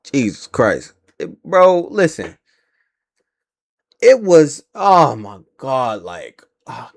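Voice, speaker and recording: Angry ranting male streamer, lively pitch. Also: no echo, studio quality. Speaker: live stream host. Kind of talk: live stream rant.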